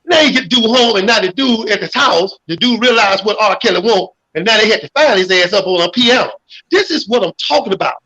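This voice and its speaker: High bright husky man, preachy rant. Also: a little fast, muffled recording. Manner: animated, preachy, swears freely. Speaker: guest caller. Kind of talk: casual livestream chat.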